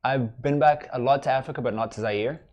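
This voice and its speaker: A man in his thirties, a guest in a studio interview, telling stories in a relaxed, joking way. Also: medium pitch, fairly quick. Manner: joking, easygoing storyteller. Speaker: guest, content creator. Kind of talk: casual interview chat.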